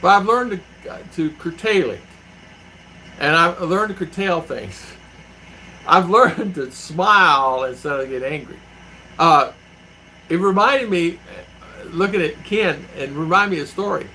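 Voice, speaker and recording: A man's voice: on the high side, animated, unhurried, long pauses, sharp tone, a little hiss or hum, poor audio. A middle-aged man hosting a live stream from home, telling rambling stories and answering viewers by name. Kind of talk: casual live-stream chat. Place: home in the Philippines.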